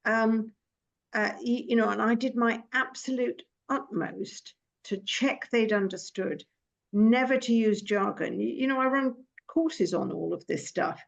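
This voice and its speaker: A woman's voice: a little high, unhurried, vocal fry. A woman working as a dental compliance consultant, talking as a guest in a chatty way with frequent restarts and a habit of telling stories. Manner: chatty, many restarts, storytelling. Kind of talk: casual professional conversation. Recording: dull lo-fi sound.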